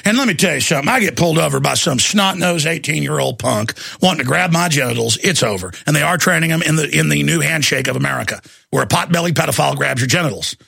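A man with a high, gravelly voice rants through a fiery talk-show monologue. His tone is forceful and tense, often breaking into shouts. The sound is dry and close, with no room echo. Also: expressive, quick pace. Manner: ranting, fiery delivery with bursts of shouting. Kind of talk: heated monologue.

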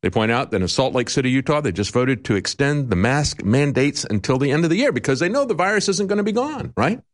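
A man's voice: medium pitch, very animated, fast talker. A male talk show host giving emphatic, indignant commentary with sarcastic asides.

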